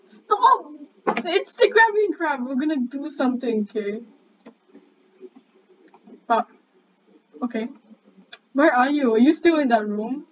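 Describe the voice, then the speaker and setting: A young woman, chatting excitably and bossily with a friend while commenting on a game, swearing casually. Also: high voice, a little slow, long pauses. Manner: excitable, chatty, bossy banter. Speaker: gamer. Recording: dull lo-fi mic, faint background noise.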